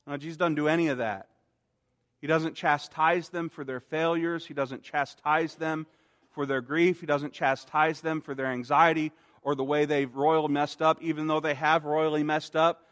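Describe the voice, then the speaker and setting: A man preaching a sermon in an earnest way, growing soft and slow on quoted words. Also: fairly high pitch, fairly even intonation, long reverb tail. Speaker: pastor.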